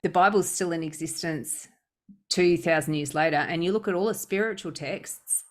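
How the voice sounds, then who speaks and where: A woman hosting a podcast, telling a personal story in a casual, animated way with lots of restarts. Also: fairly low pitch, moderate pace. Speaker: podcast host.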